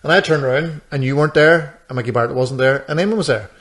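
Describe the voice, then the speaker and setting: A man's voice: a little high, fast talker, a bit bright. A man, co-hosting a podcast and telling a rambling story, acting out what people said. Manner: rambling storyteller, acts out quoted dialogue. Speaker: podcast co-host. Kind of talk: casual chat.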